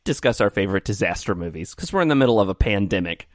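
A man with a fairly low voice co-hosts a casual podcast, reading quiz questions and options aloud in an easygoing, offhand way. The sound is close and dry. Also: expressive, fast talker, no echo. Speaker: podcast co-host.

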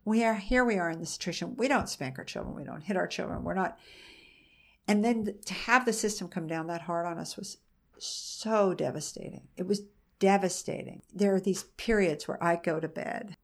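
Guest: woman, 40s, low-pitched, earnest mother recounting family hardship, halting repeats. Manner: earnest, restarts and repeats phrases. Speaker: mother being interviewed. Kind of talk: emotional conversational storytelling.

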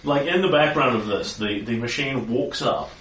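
A man's voice: medium pitch, moderate pace, a bit bright, echoey room, distant mic, poor audio. A man running a tabletop game as game master, narrating the scene in a loose, descriptive way.

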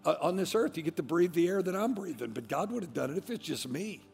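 A man preaching with fervent emphasis, his slightly high voice roughened by gravel. He drops to hushed asides, then rises to shouted declarations, with long hall reverb and faint music behind him. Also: animated, quick pace. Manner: swings from low, quiet asides to loud shouted declarations. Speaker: pastor. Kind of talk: sermon.

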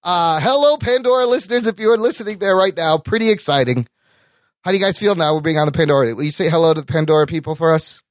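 A man's voice: fairly high pitch, quick pace, no room sound, clean studio sound. A man co-hosting a podcast in casual chat, upbeat and swearing casually. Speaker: podcast co-host.

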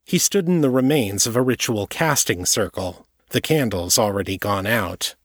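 A man with a low voice reads an audiobook chapter in a steady, measured way. The recording is dry and close, with no room sound. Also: dry recording. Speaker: audiobook narrator. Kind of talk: scripted narration.

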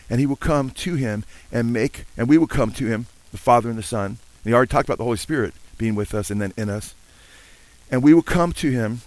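An older man preaching with earnest feeling and frequent amens. He now and then breaks into hymn lines. His voice sits in a middle pitch, and the recording is dry. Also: no echo, rough recording. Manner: sings hymn lines between teaching. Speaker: pastor. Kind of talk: sermon.

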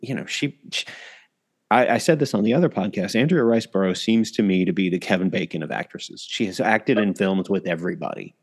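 Low-voiced man hosting a chatty podcast. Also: lively intonation, brisk, slightly rough. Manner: rambling, self-interrupting, laughs often. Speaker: podcast host. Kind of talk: casual podcast chat.

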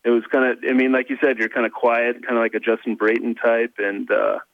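A man calling in to a casual chat show, talking in a halting way with many fillers and restarts, over a dull lo-fi line. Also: mid-range voice, flat delivery, vocal fry, no echo. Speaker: caller.

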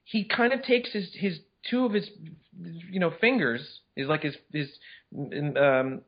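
A man co-hosting a casual movie chat, talking in excited, incredulous bursts with many restarts. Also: sits high, measured pace, lo-fi sound. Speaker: podcast co-host.

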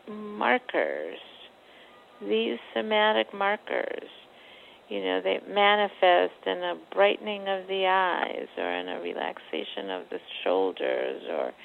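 A woman psychotherapist on a phone interview, talking in a measured, searching way with many fillers. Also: mid-range voice, gravelly, slight background noise. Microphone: telephone. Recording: tinny phone line.

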